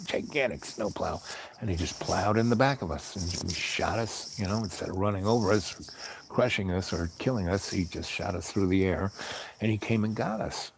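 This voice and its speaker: A man host telling a personal story in a calm, wry, rambling way with many fillers. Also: deep voice, gravelly, slight background noise. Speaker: podcast host.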